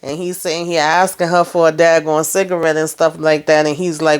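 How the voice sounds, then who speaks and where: This TV recap reviewer has a low, clean-toned voice, talking at normal speed with few pauses. Her slangy, lively retelling of an episode walks through the scenes, performs the quotes, and is peppered with laughter.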